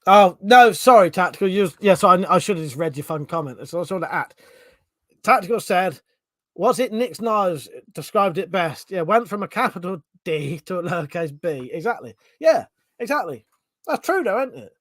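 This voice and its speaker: A man's voice: sits high, animated, normal speed, a bit bright, no echo. A British man hosting a casual livestream, reading viewers' comments aloud and bantering with loose, swearing chatter. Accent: British English. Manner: swears freely, rambling, banter with chat. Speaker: livestream host.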